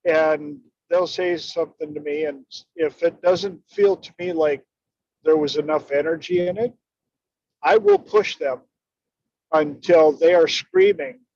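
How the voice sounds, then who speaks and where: A man telling stories and coaching in an emphatic, expressive way during a conversation. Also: on the high side, measured pace, dry recording. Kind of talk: storytelling in conversation. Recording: dull lo-fi dry audio.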